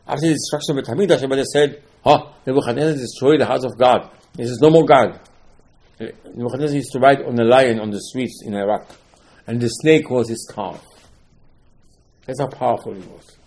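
A man giving a Torah sermon, telling stories and acting out the characters' dialogue. He swings between loud exclamations and hushed asides. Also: medium pitch. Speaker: rabbi giving a Torah class. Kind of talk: animated Torah sermon with storytelling.

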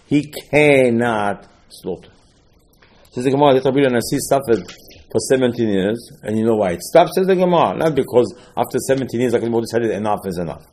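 Male preacher, husky, lively storyteller who shoots up in pitch when worked up. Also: fast talker. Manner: animated storytelling, rising to excited high-pitched outbursts. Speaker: rabbi. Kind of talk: sermon.

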